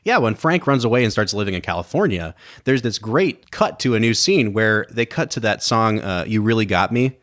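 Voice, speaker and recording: A man co-hosting a film podcast, chatting casually and breaking into quick impressions of lines from the movie. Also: lowish voice, lively intonation, fairly bright tone. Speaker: podcast co-host.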